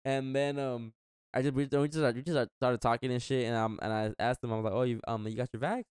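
A young man rambles through a story in a casual chat, slipping in slang and acting out each back-and-forth. His voice sounds smooth and clear at a middle pitch. The sound is close and dry. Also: steady tone, brisk, a little mellow, no echo. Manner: rambling, slangy, acts out quotes.

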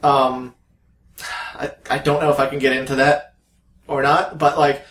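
Profane, animated man with an echo. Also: medium pitch, measured pace. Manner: profane, laughs often, animated storytelling. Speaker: podcast co-host. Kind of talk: casual chat. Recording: echoey room.

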